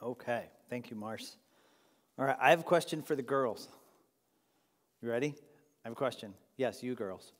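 A pastor preaching a sermon, retelling a scripture story in a playful, animated way and voicing the characters. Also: male voice, mid-range voice, moderate pace, long pauses, big-room sound.

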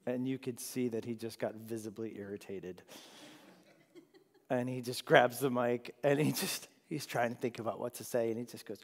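A man's voice: mid-range voice, steady tone, moderate pace. A man teaching a Bible study class in a casual, chatty way, laughing often and checking in with his listeners. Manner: chatty, laughs often, asks the room "right?". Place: large room with a group of listeners. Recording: long echo of a large hall.

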